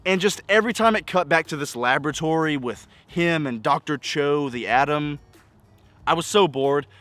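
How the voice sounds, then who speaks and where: Man, casual film review vlog; fairly high voice, dry close sound; nitpicky, exasperated, asks question after question. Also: moderate pace, a bit bright, no echo. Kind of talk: casual spoken movie review.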